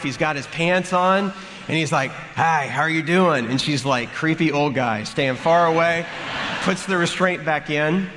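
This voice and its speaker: A man preaching a sermon, telling a funny story in an animated way and acting out the characters. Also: on the high side. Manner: animated, acts out the story with comic voices. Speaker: pastor. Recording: long hall reverb, faint room noise.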